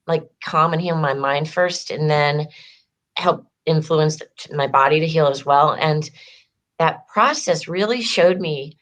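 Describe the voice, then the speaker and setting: A woman's voice: low voice, a little slow. A woman empowerment coach telling her story in a casual interview, chatty with lots of fillers and acted-out quotes. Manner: chatty, heavy "like" fillers, acts out quoted dialogue.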